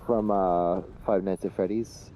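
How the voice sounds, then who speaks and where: A man's voice: low-pitched, fairly even intonation, unhurried, mellow. A tired man chatting while gaming, hesitant, with lots of ums and uhs. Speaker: co-player. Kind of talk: casual gaming chat. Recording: faint game music behind.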